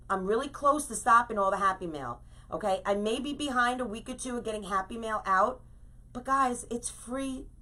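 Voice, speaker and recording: A woman's voice: fairly high pitch, pushed and bright. A middle-aged woman hosting a live crafting stream, talking casually and ranting emphatically, often tagging her lines with "okay?".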